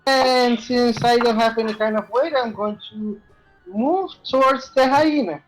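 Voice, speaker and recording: A player in a live tabletop game, talking in a playful, quick way. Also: medium pitch, faint music behind, low-quality recording.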